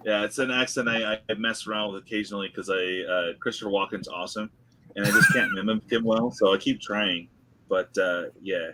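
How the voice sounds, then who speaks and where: A young man hosting a casual live stream chat, animated and laughing often. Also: fairly low pitch, normal speed, long pauses, noisy background. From California. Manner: animated, laughs often, drinks and toasts viewers. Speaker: host.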